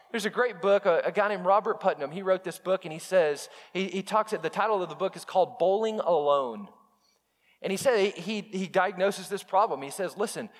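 High-voiced impassioned preacher, reverberant hall. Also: male voice. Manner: impassioned, repetitive, direct address to congregation. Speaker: pastor. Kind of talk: sermon. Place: church sanctuary.

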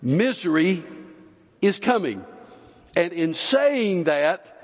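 A male pastor preaching a sermon, slow and emphatic, with long pauses between phrases. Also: high-pitched, sing-song, husky. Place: church sanctuary. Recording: dull, lo-fi recording with long hall reverb.

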